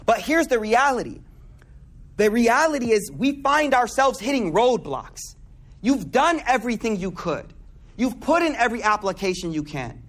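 A man's voice: very high-pitched, very animated, measured pace, long pauses, a bit bright. A man giving a casual sermon. He tells stories in a slangy, conversational way and keeps asking the audience questions. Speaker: Muslim speaker giving a talk.

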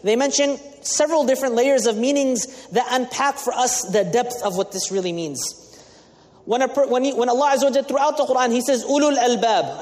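A man's voice: extremely high pitch, a little mellow. A man giving a sermon as an imam, explaining Arabic terms with English glosses and asking the audience questions. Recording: long reverb of a large hall.

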